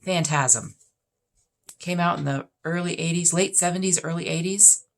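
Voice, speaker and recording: A woman's voice: lowish voice, moderate pace. A woman in her fifties, a vlogger chatting casually through a list of questions, blunt and opinionated with plenty of emphasis. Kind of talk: casual chat answering questions.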